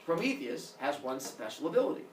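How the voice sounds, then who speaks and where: A man's voice: a little high, very animated, a little fast, slight background noise. A man teaching a class, retelling a myth playfully with lots of sound effects. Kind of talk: animated myth storytelling to a class. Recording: echoey classroom from far off.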